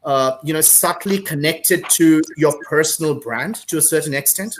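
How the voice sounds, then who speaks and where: A man's voice: on the high side, normal speed, a little hiss or hum. A man hosting a live-streamed panel over a video call, effusive and repeating his words and thanks as he welcomes guests. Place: Singapore.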